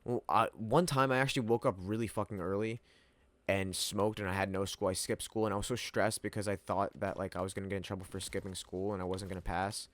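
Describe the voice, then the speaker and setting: A man's voice: deep voice, steady tone, fast talker, a bit bright, no echo. A young man telling a rambling personal story, full of slang, swearing and laughter. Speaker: vlogger. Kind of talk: casual storytelling to camera.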